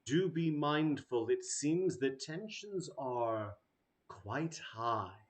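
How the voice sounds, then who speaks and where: A man voicing a regal, composed queen in a tabletop game, speaking in a cool, measured and imperious way. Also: mid-range voice, animated.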